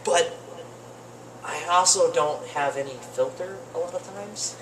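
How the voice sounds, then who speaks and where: A young man doing rambling open-mic stand-up comedy in a cafe, with deadpan asides. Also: fairly high pitch, a little slow. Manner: rambling, deadpan asides, lively swings into mock voices. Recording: roomy cafe with faint noise, distant mic.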